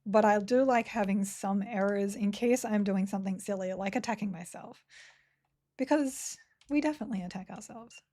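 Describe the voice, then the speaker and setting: A woman's voice: mid-range voice, moderate pace, dark tone. Woman, live game stream, chatty, giggly, self-mocking. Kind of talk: casual live-stream chat while playing.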